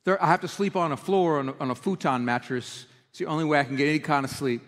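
A man's voice: fairly high pitch, fast talker. A man preaching a sermon as pastor, earnest and emotional in his delivery. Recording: reverberant hall.

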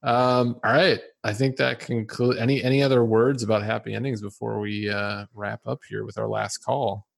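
A man's voice: lowish voice, level tone, normal speed, gravelly, few pauses. A man co-hosting a podcast in easygoing casual chat, agreeing and laughing along. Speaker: podcast co-host.

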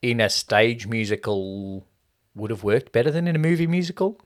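On a casual movie review podcast, a male co-host with a medium-pitched voice talks at a moderate pace in an animated way. He picks apart scenes and parodies line readings with exaggerated emphasis.

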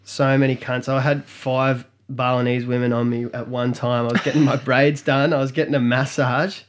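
A man's voice: medium pitch, level tone, moderate pace, a little hiss or hum. A young Australian man with an Australian accent, co-hosting a casual podcast and telling rambling, sweary travel stories. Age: young adult. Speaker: podcast co-host. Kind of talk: casual chat.

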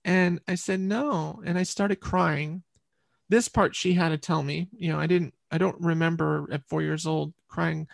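A woman's voice: low voice, steady tone, measured pace, vocal fry, no room sound, studio quality. A woman interview guest earnestly telling a personal story, often repeating words as she recalls.

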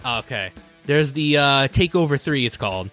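A man's voice: medium pitch, expressive, moderate pace, fairly bright tone, faint music behind. A man co-hosting a podcast, chatting casually and joking around. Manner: jokey, laughs often. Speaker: podcast co-host. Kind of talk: casual chat.

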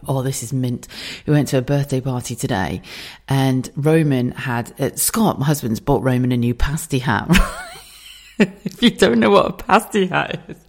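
A woman in her thirties hosting a casual solo podcast from her kitchen late at night, chatty and quick to laugh and swear. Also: a bass voice, dark tone. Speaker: podcast host. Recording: slightly echoey kitchen.

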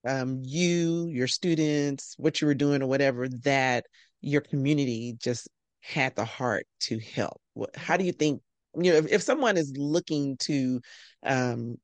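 A podcast host asks loose, rambling questions in a mid-range voice and keeps up a steady run of affirmations while the guest talks. The sound is dry and close, with no room echo. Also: medium pitch, unhurried. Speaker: podcast host interviewing a former student. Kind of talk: casual interview conversation.

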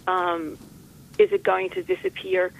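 Reflective author guest, gravelly, rambling with dry jokes. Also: very high voice, very animated, unhurried, rough recording. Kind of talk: conversational interview.

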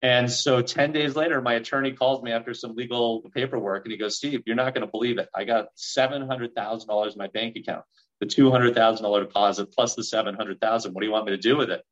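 A man in his forties telling a story in a podcast interview, acting out the dialogue with lively energy. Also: medium pitch, fast, muffled recording. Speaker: real estate investor guest.

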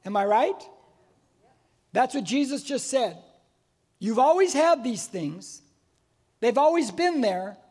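A man in his sixties preaching a sermon as pastor, telling stories in an animated way and acting out the voices of the people in them. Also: very high voice, slow, pauses often. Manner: animated storytelling, acts out voices. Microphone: wearing a mic.

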